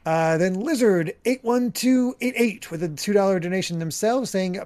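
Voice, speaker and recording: Male co-host, slightly high voice, relaxed, reading messages with a teasing edge. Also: normal speed, hardly any pauses. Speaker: podcast co-host. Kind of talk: casual chat, reading viewer messages.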